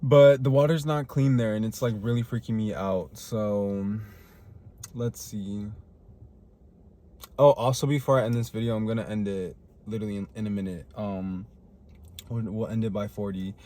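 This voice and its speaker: A man's voice: lowish voice, moderate pace, dark tone. A young man rambling through a casual personal monologue to camera, full of fillers and restarts. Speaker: vlogger. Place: living in Chicago.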